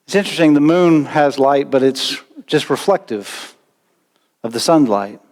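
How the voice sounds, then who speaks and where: A male pastor preaching a sermon with animated delivery and sudden loud bursts. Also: fairly high pitch, moderate pace. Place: church sanctuary. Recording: long church reverb.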